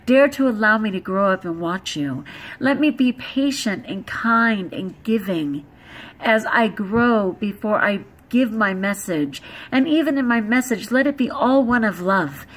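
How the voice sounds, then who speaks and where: A woman's voice: mid-range voice, lively intonation, a little slow. A woman voicing Jesus as a patient, loving grown man, speaking in an earnest, preachy way.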